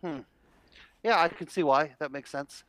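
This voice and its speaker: A man co-hosting a sports betting show on a headset mic, relaxed, explaining his tips with many pauses. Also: fairly high pitch, dry recording, poor audio. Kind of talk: casual sports talk.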